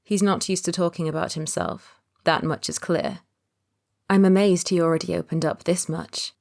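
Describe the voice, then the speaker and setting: Lower-voiced woman reading an audiobook. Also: moderate pace, creaky, a little mellow. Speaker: audiobook narrator. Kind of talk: first-person audiobook narration.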